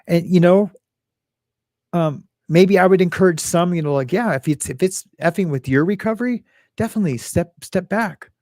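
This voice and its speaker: Host, male, gravelly mid-pitched voice, rambling and emotional, close dry sound. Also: darkish tone, no echo. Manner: rambling, emotional, many fillers and restarts. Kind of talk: casual talk.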